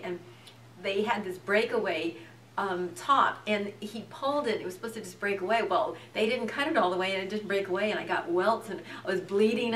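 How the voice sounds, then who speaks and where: A woman actress telling lively anecdotes in a casual interview, laughing often. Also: medium pitch, fairly quick, echoey room, far from the mic, slight background noise. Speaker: actress, guest.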